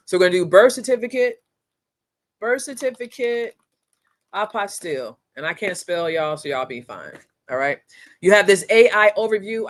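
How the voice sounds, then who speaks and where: A woman hosting a casual live-streamed training, talking straight to viewers in a chatty, energetic, slangy way through a computer mic. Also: medium pitch. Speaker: course instructor and livestream host.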